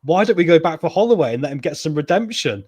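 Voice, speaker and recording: A man's voice: on the high side, expressive, quick pace, a little mellow. A man co-hosting a football fan chat, blunt and opinionated. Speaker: fan channel co-host. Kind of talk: casual football podcast chat.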